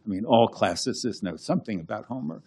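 A man's voice: fairly low pitch, a little mellow, breathy edge. A man, a classics scholar and translator, explaining his work in a conversational lecture, thinking aloud with many restarts and chanting verse rhythms as examples.

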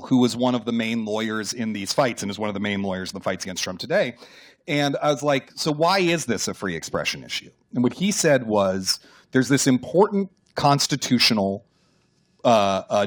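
Animated male author telling stories. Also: mid-range voice. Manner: animated storyteller, acts out quotes, some restarts. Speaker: author and guest. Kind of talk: conversational radio interview.

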